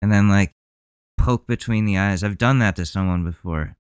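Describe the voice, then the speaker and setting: A man's voice: on the low side, moderate pace, clean tone, no room sound. A male podcast host ranting heatedly in profane commentary.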